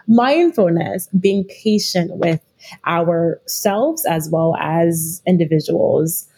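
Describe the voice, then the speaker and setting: A woman's voice: fairly low pitch, warm tone, slightly rough. A middle-aged woman speaking as a guest expert in a podcast interview, reflective and often restarting her sentences. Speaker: guest expert, leadership consultant.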